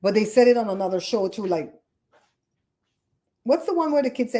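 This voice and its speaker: A woman with a Caribbean accent hosting a casual livestream show, chatty and animated as she tells stories and rants about grammar. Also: a little high, fairly quick. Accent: Caribbean English. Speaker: podcast host. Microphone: streaming setup microphone.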